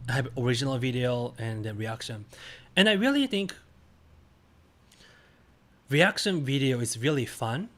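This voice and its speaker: A male streamer chatting casually while playing a guessing game, speaking in halting, simple phrases with bursts of excited cheering. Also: mid-range voice.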